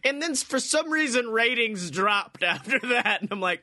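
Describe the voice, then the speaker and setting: A man co-hosting a podcast in casual chat, excitable, laughing often and acting out quotes. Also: high voice, normal speed, hardly any pauses. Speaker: podcast co-host.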